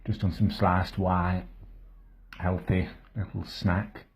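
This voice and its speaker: A man plays a crude, self-pitying bloke delivering a deadpan comic monologue to camera. His voice sits very low and sounds husky, and he rambles on in a flat, matter-of-fact way with muttered asides. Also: takes it slowly, heavily acted. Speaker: comedy vlogger character.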